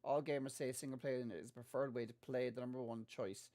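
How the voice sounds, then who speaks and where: A man co-hosting a gaming podcast, chatting casually and telling animated stories. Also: mid-range voice, brisk. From Ireland. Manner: chatty, animated storytelling with laughs. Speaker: podcast co-host. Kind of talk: casual chat.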